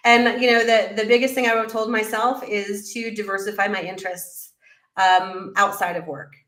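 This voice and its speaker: A middle-aged woman sits as a guest on an interview, talking about her coaching work. She tells her story with animation and slips into lively quoted voices of her past self. Her medium-pitched voice carries a noticeable room echo. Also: normal speed. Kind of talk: conversational interview.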